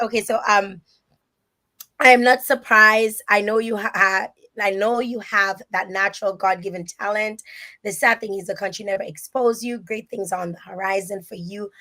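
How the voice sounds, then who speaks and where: A woman from Dominica hosting a live online interview, chatting warmly and reading viewer comments aloud with lively emphasis. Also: mid-range voice, normal speed. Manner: animated and emphatic, many restarts. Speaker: host.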